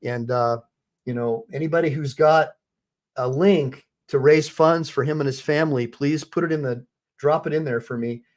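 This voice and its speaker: A man's voice: on the high side, normal speed. A man hosting a live stream with rambling commentary, full of fillers and restarts. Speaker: host, attorney.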